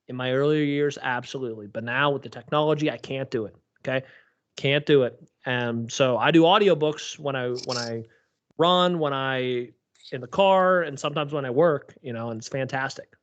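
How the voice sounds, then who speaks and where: A man's voice: mid-range voice, normal speed, highs cut off. A man co-hosting a podcast, talking bluntly and emphatically in casual chat, swearing freely. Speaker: podcast co-host.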